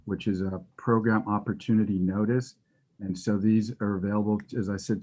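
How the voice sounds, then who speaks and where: Man presenting slides over a video call. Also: on the low side. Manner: steady, explanatory, some fillers. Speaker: facilities staff presenter. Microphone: remote call audio.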